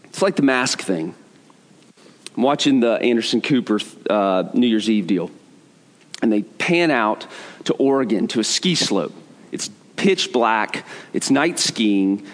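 A fairly high-voiced middle-aged man spins a self-mocking, humorous story for a crowd. He talks conversationally with quick asides and restarts. His voice rings with the long reverb of a large hall. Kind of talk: humorous storytelling talk to an audience.

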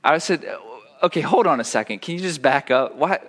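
A man's voice: on the high side, brisk. A male pastor, likely in his thirties, reading scripture and then telling funny self-mocking stories in a sermon. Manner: animated storytelling, self-mocking humor.

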